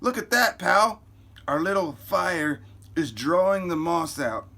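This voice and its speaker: A man's voice: sits high, sing-song, takes it slowly, creaky, pitched above the performer's own voice, full character voice. A man voicing a brash, impatient teenage boy superhero in a comic book reading. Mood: cocky. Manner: loud, exasperated.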